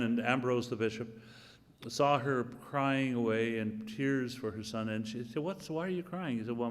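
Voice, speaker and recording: A man's voice: fairly low pitch, a bit bright. An older man, a cardinal, giving informal opening remarks, reflective with dry humorous asides. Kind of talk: informal spoken address. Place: church hall or chapel setting. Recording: long hall reverb.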